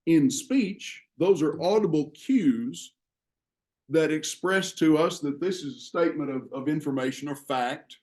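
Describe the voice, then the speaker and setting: A man teaching a class on writing, explaining ideas in a measured way with frequent pauses. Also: a little high, a little mellow. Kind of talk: classroom lecture.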